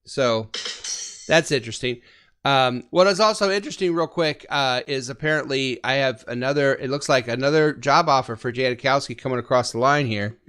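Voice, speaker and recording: A man's voice: mid-range voice, fairly quick, a bit bright, clear, resonant tone, faint music behind. Jokey man hosting a fan podcast. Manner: jokey, rambling, with frequent laughs. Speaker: podcast host. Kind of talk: casual sports podcast chat.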